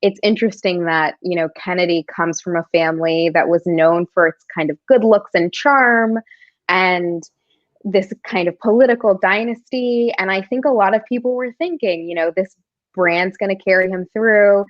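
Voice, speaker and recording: A woman's voice: medium pitch, moderate pace, no room sound. A woman co-hosting a political talk show, chatting loosely with many fillers. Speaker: co-host. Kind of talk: casual political chat. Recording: dull lo-fi dry audio.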